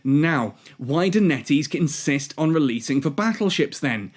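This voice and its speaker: A man's voice: on the high side, lively intonation, a little slow. A man hosting a gaming channel, delivering exasperated, sarcastic video game commentary as a rant.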